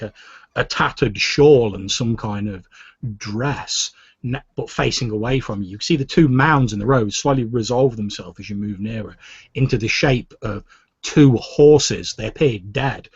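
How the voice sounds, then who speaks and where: Man, game master, husky voice, dry dull lo-fi sound, measured scene narration. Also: on the low side, no room sound. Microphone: desk USB microphone.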